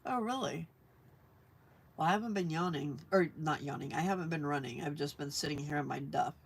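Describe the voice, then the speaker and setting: A chatty woman hosting a relaxed crafting livestream. She rambles in a friendly, casual way, often laughs, and answers viewers as she works. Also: sits low, fast, husky. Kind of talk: casual chat while crafting.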